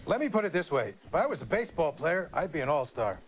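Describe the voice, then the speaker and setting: An actor playing a deadpan male doctor who calls himself an expert on death, talking in jargon and corny jokes in a satirical talk show comedy. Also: fairly high pitch, quick pace, a crowd in the background. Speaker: guest expert.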